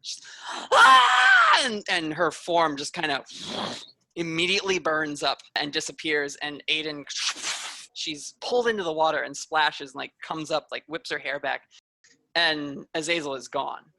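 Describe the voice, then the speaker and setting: A woman game master narrates a tabletop role-playing podcast, chatty and loose with her fillers. Her voice has a gravelly, bright edge, and the recording is dry and close. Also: low voice, normal speed, dry recording.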